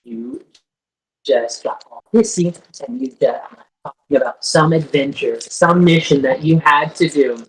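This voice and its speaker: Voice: mid-range voice, expressive, unhurried, rough recording. Game master playing a haughty royal lady. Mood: scolding. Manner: indignant, lofty. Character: prim haughty royal young woman.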